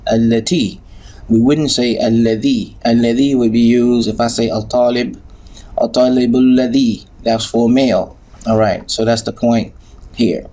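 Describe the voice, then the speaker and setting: A man with a gravelly voice explains grammar at an unhurried, patient pace. He hesitates often and fills gaps with small sounds. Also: mid-range voice, a little mellow. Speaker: Arabic teacher. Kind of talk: recorded grammar lesson.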